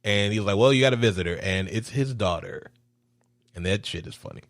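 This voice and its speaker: A man talking quickly and loosely on a movie podcast, sliding into quoted dialogue as he retells scenes. He swears freely. The sound is dry and close. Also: fairly low pitch, dry recording. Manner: fast, profane, acts out movie scenes. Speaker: podcast co-host. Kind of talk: casual movie review chat.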